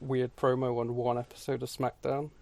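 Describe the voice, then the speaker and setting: A man's voice: medium pitch, little pitch movement, normal speed, gravelly, dark tone. A man co-hosting a podcast in casual, sweary chat. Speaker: podcast co-host.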